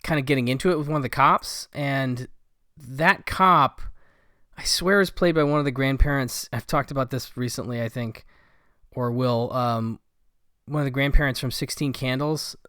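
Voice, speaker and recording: Male film reviewer, casual and digressive, smooth resonant tone, dead-dry recording. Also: mid-range voice, normal speed, sharp tone, no echo. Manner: rambling, with many fillers and asides. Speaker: film collector reviewing a Blu-ray set.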